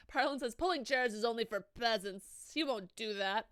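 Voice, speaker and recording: Bright-voiced, swearing woman streamer. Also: fairly high pitch, moderate pace. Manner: swears freely, reads chat aloud and reacts to it. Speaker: live streamer. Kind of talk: casual live-stream chat while gaming.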